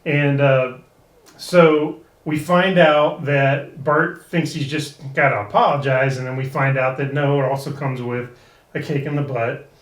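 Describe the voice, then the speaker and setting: A man co-hosting a casual podcast episode review, who laughs often and acts out quoted lines in a higher voice. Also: steady tone, a little slow, echoey room, distant mic. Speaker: podcast co-host.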